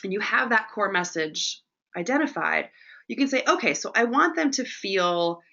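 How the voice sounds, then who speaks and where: A woman coaching an audience in a webinar, lively and chatty, often checking in with "right?" as she teaches. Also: medium pitch, normal speed, muffled recording. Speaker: presentation coach hosting a webinar.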